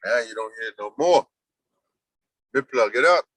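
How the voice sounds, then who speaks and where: A man's voice: mid-range voice, animated, normal speed, fairly bright tone, rough recording. A man hosting a casual livestream, rambling loosely and talking to his chat and to himself. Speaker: livestream host.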